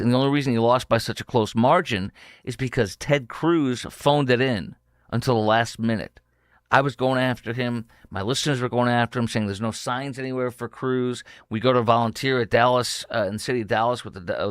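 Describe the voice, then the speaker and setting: A combative male talk radio host holds forth in a mid-pitched voice, hammering points home and speeding up in emphatic bursts. The sound is dry and close, with no room around it. He moves between reading ads and opinionated monologue. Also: no echo.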